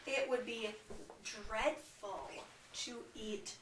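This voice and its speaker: A woman teaching kindergarten, speaking in a slightly raised pitch and a deliberately slow, coaxing way. She is caught by a distant camera mic, so her voice rings around a bare classroom. A faint hiss sits underneath. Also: fairly even intonation, reverberant. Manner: slow, clear, coaxing teacher talk to small children. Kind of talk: classroom read-aloud lesson.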